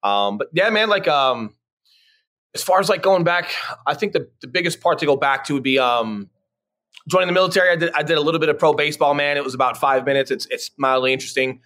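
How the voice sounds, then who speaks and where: A man's voice: on the high side, fast talker, fairly bright tone. Laid-back man telling stories. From Colorado. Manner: laid-back, says "man" and "dude" a lot, many fillers. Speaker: podcast guest, real estate agent. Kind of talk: casual interview storytelling.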